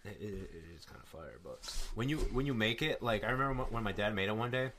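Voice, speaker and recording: A man's voice: on the low side, lively intonation, fast, fairly bright tone, slight background noise. A man hosting a podcast, telling a rambling story in loose casual chat with plenty of swearing. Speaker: podcast host.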